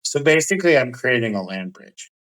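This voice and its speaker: A man's voice: medium pitch, sing-song, fairly quick, fairly bright tone, low-quality recording. A man voicing a mischievous male trickster god who talks smugly and finds chaos funny in a tabletop game. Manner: smug, amused, chaotic.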